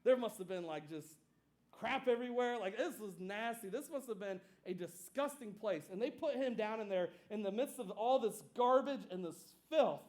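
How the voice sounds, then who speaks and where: Pastor guy with a really high voice, super casual preaching, lots of "like" and "right?". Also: moderate pace. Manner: casual, conversational preaching with fillers and asides; animated storytelling, acting out scenes. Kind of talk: sermon.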